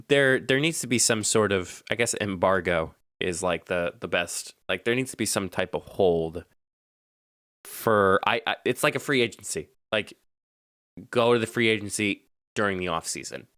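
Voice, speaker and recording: A man's voice: on the low side, a little slow, no room sound, studio quality. A young man co-hosting a casual podcast chat, talking animatedly, getting worked up and laughing a lot. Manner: animated, gets heated and laughs often. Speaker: podcast co-host.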